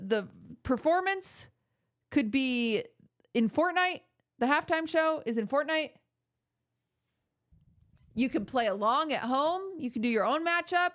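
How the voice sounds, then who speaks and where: A woman's voice: sits high, a bit bright. A young woman streaming from home, chatting with her viewers in a rambling, joking, mock-outraged way. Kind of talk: casual chat with chat viewers.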